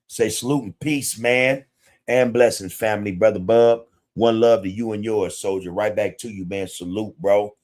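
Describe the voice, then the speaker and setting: A man's voice: lowish voice, fairly even intonation, moderate pace, a little mellow. A man hosting a podcast livestream, talking bluntly in street slang with plenty of profanity and greeting viewers in the chat. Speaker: podcast host. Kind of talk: casual livestream commentary.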